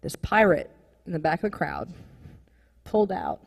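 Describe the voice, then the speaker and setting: A young woman performing a live stand-up comedy set, rambling and animated, full of "like" fillers. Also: fairly low pitch, moderate pace, vocal fry, husky, long reverb tail. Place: comedy club stage with live audience.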